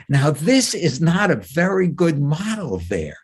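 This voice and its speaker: A man's voice: on the high side, unhurried, breathy edge. A man, a clinical psychologist, giving a webinar talk full of anecdotes and acting out quotes. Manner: animated storyteller who acts out quotes. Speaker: clinical psychologist, guest speaker.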